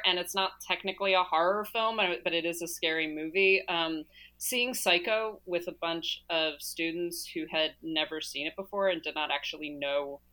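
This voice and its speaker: A woman's voice: on the low side, a bit bright, low-quality recording. A woman chatting casually as a panelist, telling stories with animation and repeating her words as she starts. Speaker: podcast panelist. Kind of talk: casual chat.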